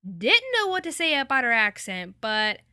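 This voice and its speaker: An enthusiastic woman chats through an anime review in a high, lively, bright voice. The sound is dry and close. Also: moderate pace, smooth, dry recording. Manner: enthusiastic and chatty. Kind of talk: casual review.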